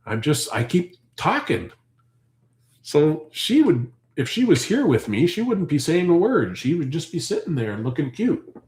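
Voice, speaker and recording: A man's voice: on the high side, big pitch swings, a little slow, a little mellow. A Canadian man hosting a farm live stream, talking on and on as he answers viewer comments. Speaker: farm channel host. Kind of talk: casual live-stream chat. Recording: roomy echo.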